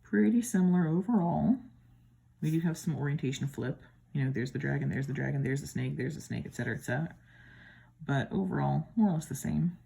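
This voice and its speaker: A woman's voice: deep voice, brisk, gravelly, mellow. A woman from the American Midwest with a Midwestern accent, chatting casually and admiringly as she compares tarot decks at home. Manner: chatty, admiring, with playful asides. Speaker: tarot deck reviewer. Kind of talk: casual deck comparison talk.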